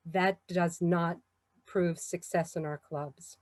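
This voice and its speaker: A woman with a New York accent giving a measured, encouraging talk on public speaking. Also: fairly low pitch, fairly even intonation, darkish tone, no room sound. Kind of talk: instructional talk.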